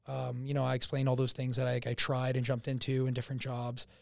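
A man's voice: mid-range voice, completely flat delivery, fast talker, creaky, no echo. A man, a podcast guest chatting casually and confidently, laughing often. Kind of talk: casual chat. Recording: dry close studio sound.

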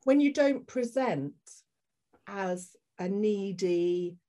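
A woman's voice: mid-range voice, drawn-out words. A woman guest on a podcast, telling a personal story candidly and acting out the people in it. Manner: animated, acts out the people in her story.

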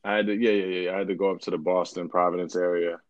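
Relaxed young male co-host, low voice, rambles with fillers, dry close sound. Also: rapid-fire, dry recording. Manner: laid-back, rambling with many fillers. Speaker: podcast co-host. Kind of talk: casual podcast chat.

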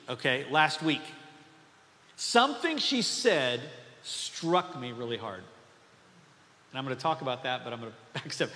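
A man's voice: fairly high pitch, sharp tone, long reverb tail. A man from North Dakota preaching a sermon to his congregation in a casual, conversational way, with joking asides. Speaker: pastor. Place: church sanctuary.

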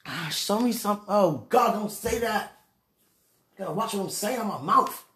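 A young woman vlogs from her bed, chatting confessionally and casually to her viewers in a mid-range, expressive voice at a moderate pace. She sighs and mutters dramatic pleas to God, swinging between murmurs and loud outbursts.

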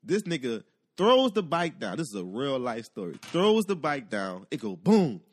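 A man telling a long personal story in casual chat, animated and profane, acting out the voices of the people in it. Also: medium pitch, normal speed.

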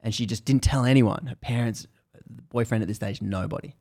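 A man's voice: medium pitch, brisk, a little mellow. A man hosting a podcast, casually retelling a book's story in a loose, rambling way with many restarts.

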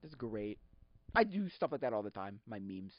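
A man hosting a podcast, chatting casually in a rambling, excitable way, laughing often and acting out quotes. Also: fairly low pitch, moderate pace, no room sound. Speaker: podcast host. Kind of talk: casual solo chat. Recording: dull lo-fi sound.

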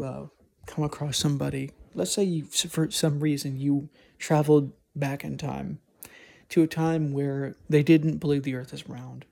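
Gravelly husky man musing aloud. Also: on the high side, dark tone. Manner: rambling, thinking aloud with many restarts. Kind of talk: casual solo monologue.

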